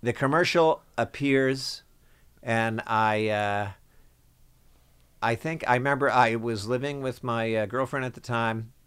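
A man's voice: mid-range voice, measured pace, fairly bright tone, clean tone. A middle-aged man telling a story in casual conversation, acting out the people he quotes in big voices. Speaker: guest actor.

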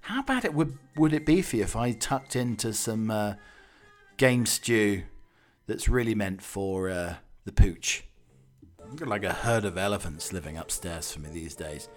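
A man's voice: lowish voice, lively intonation, a little slow, soft background music. A Scottish man hosting a podcast, rambling through a jokey, musing comic monologue. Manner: jokey, musing, drifts between tangents. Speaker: podcast host.

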